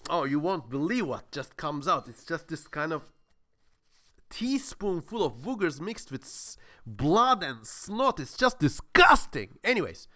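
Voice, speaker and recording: A man's voice: a little high, very animated, unhurried, pushed and bright, no echo. A man presenting a casual history talk, rambling with many fillers and crude humor, with a sore throat.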